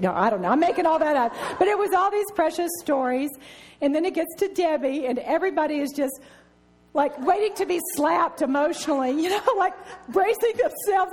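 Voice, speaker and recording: Woman, middle-aged, Bible study teacher, story-driven and giggly, pitched a bit high. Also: animated, fairly quick, a little mellow. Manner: laughs often while telling stories.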